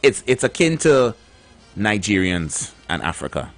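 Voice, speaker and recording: A man's voice: fairly low pitch, very animated, unhurried, soft background music. A man co-hosting a casual radio chat, talking in a chatty, rambling way with many repeated words. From Trinidad and Tobago. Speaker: radio show co-host.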